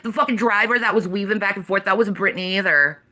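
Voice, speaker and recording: Bright-voiced woman in her forties, ranting. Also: medium pitch, quick pace. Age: 40s. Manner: heavy profanity, defiant and emphatic. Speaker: livestreamer. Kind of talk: ranting livestream monologue.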